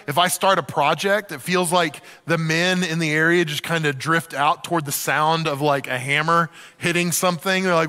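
A man's voice: on the high side, sharp tone. A middle-aged man preaching a sermon in a church, candid and conversational, with frequent jokes. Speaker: pastor. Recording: long reverb in a church hall.

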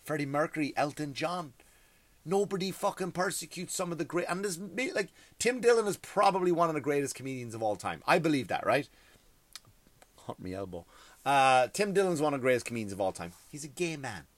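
Man ranting, stand-up comedian, swearing a lot, lively swooping pitch, fairly high voice, dry close sound. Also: fairly quick, no echo. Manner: profane, exasperated ranting.

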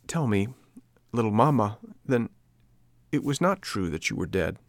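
A man voicing an impulsive wooden puppet boy, excited and pleading in a storybook reading. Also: lowish voice, unhurried, dry recording. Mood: wondering.

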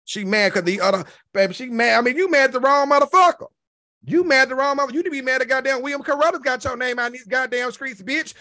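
High-pitched sassy man ranting. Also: pushed and bright. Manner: sassy, insulting, heavy swearing. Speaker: online show host. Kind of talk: profane livestream rant.

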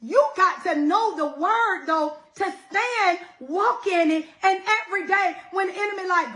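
A woman's voice: extremely high pitch, moderate pace, few pauses, bright, forceful tone, rough recording. A middle-aged woman preaching a sermon with feeling, often calling her listeners y'all.

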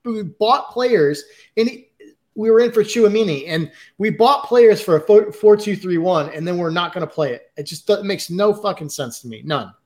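A man's voice: high-pitched, animated, moderate pace, a little mellow. A man co-hosting a football podcast, ranting in frustration and swearing. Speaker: podcast co-host. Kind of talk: heated football fan chat.

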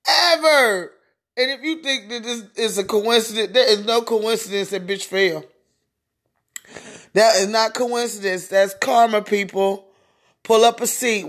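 A podcast host rants alone in slow, drawn-out phrases. The talk is crude and mocking, and the host keeps laughing, often mid-sentence. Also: mid-range voice, fairly bright tone. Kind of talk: solo podcast rant.

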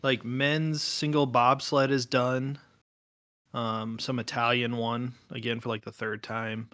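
A man co-hosts a podcast and talks hesitantly, filling pauses with "um" and "like". His voice sits at a middle pitch. The recording is close and dry. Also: little pitch movement, fairly bright tone, no room sound. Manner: hesitant, filler-heavy. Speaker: podcast co-host. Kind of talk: casual chat.

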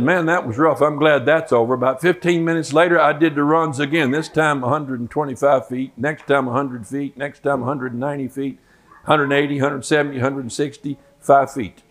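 An older man, a Bible teacher, telling a folksy personal story in a sermon and acting out the quoted lines. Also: on the high side.

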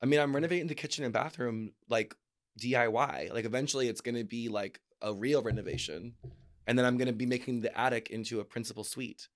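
A man's voice: mid-range voice, quick pace. A man co-hosting a casual chat podcast, breezy and playful, rambling happily through his plans. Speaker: podcast co-host.

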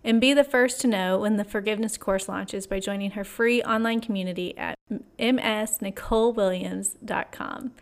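A woman's voice: medium pitch, steady tone, normal speed. A woman hosting a devotional podcast, reading her intro in an upbeat, chatty way with light laughs. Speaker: podcast host.

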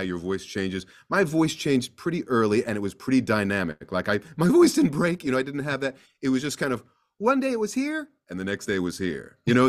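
A man speaking as a guest actor in a casual interview, an animated storyteller who slips into acting out voices. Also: medium pitch.

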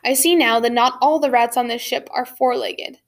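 A woman's voice: high-pitched, brisk. A woman voicing a stubborn, curious young boy in an audiobook, speaking in urgent, insistent whispers. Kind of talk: audiobook character voice.

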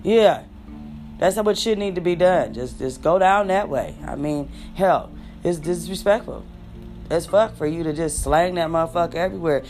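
A woman's voice: low-pitched, moderate pace, darkish tone, soft background music. A young adult woman ranting bluntly and sarcastically to her viewers, full of profanity. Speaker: vlogger. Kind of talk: ranting monologue.

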